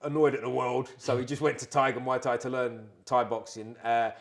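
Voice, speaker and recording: A man talking quickly in a loose, rambling way, a podcast guest swapping training stories. His voice sits at an ordinary middle pitch, and he slips into acted-out bits of dialogue as he goes. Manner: rambling, animated storyteller who acts out quoted exchanges. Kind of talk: casual storytelling chat.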